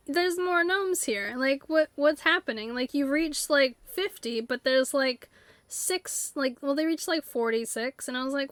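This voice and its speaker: A woman's voice: high-pitched, normal speed, a bit bright, no room sound. A woman streamer chatting casually while playing, rambling with lots of fillers and breaking into silly voices. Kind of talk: casual chat while live-streaming a game. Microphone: desktop USB mic.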